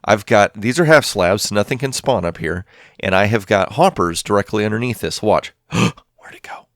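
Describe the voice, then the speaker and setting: A man's voice: lowish voice, expressive, moderate pace, no echo. Rambling man narrating his own gameplay. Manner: rambling, self-talking, thinks aloud. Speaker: Minecraft let's play host. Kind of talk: casual gameplay commentary.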